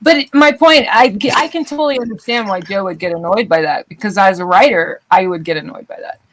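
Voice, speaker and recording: Young woman hosting a chill art stream, jokey, swears a lot, super animated. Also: mid-range voice, a little fast, low-quality recording. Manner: animated, joking, swears freely. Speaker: livestream host. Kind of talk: casual livestream chat.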